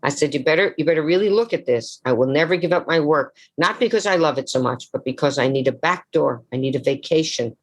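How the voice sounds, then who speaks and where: A woman's voice: low voice, fast talker, hardly any pauses. An older woman, an actress, telling dramatic stories as a guest at a live interview event. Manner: theatrical, dramatic storyteller. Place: live event before an audience.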